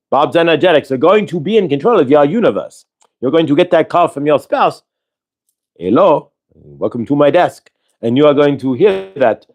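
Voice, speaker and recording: A man's voice: on the high side, darkish tone. A man hosting a spiritual livestream, speaking as a channeled collective "we" in a rambling, repetitive way and acting out everyday dialogue in quoted voices.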